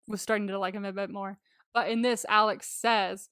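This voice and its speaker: A woman's voice: medium pitch, level tone, moderate pace, a bit bright, smooth, no echo, clean studio sound. A woman co-hosting a podcast, chatting and rambling as she recaps a film. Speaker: podcast co-host. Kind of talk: casual chat recapping a film.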